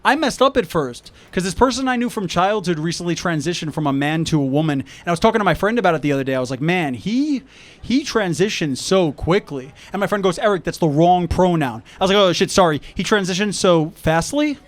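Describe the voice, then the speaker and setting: Speaking fast with hardly any pauses, a male New York comedian uses a high, animated voice. He tells jokes conversationally on an outdoor rooftop and acts out conversations with his friends.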